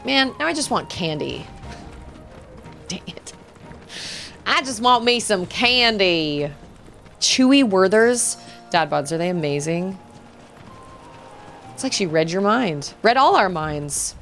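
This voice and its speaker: Slow-talking woman streamer. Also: lowish voice, big pitch swings, vocal fry, fairly bright tone, faint music behind. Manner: chatty, reacting aloud to gameplay. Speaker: gaming streamer. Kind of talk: casual live-stream chat while playing.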